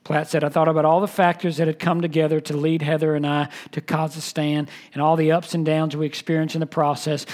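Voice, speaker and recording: A man preaching a sermon. He reads scripture aloud, often repeats words and restarts his sentences, and drops to a hush for emphasis. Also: fairly high pitch. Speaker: pastor.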